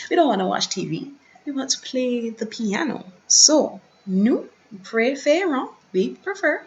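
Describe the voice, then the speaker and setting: Slow, careful woman teaching a lesson. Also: mid-range voice, gravelly. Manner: slow, careful, repeats words for practice. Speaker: French teacher. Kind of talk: recorded online lesson. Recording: dull, slightly lo-fi recording.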